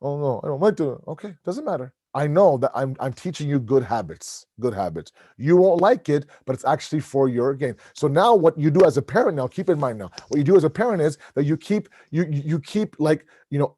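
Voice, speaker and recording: A middle-aged man preaching to a congregation in a relaxed, storytelling way, slipping into the voices of his children and the doctor as he goes. His tone is mellow and warm, and the sound is close and dry, with little room echo. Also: on the high side, fairly quick, hardly any pauses. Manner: storytelling, animated, acts out family dialogue. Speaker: speaker at a religious gathering. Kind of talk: conversational sermon. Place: mosque hall.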